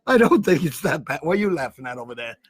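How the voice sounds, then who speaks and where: Male comedy co-host, high husky voice, congested, laughs easily. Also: big pitch swings, fast, no echo. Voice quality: husky, stuffy, laughs a lot. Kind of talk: casual comedy banter.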